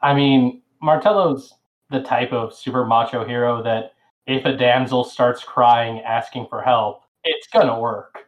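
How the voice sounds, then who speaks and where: Relaxed man playing a tabletop game. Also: medium pitch, measured pace, lo-fi sound. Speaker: guest player. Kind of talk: casual tabletop game play.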